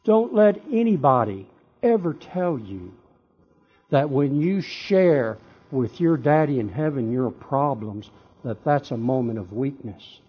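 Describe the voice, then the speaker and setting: Slow, dramatic male preacher. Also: medium pitch, lively intonation, breathy edge, lo-fi sound. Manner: dramatic, swings from hushed to shouting. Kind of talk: sermon.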